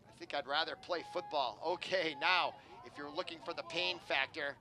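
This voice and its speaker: A man doing live play-by-play commentary at an outdoor game, chatty, with asides, and he gets louder on big plays. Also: fairly high pitch, moderate pace. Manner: chatty, rising excitement on plays, digressive asides. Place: outdoor sports field.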